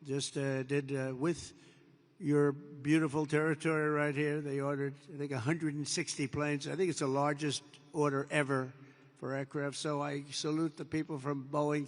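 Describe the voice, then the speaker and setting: An older American man, the president, addresses troops at a large air base, giving a rambling, off-the-cuff speech. His voice is a little high, and he meanders through a story, repeating superlatives and acting out dialogue. The large hall leaves a long reverb.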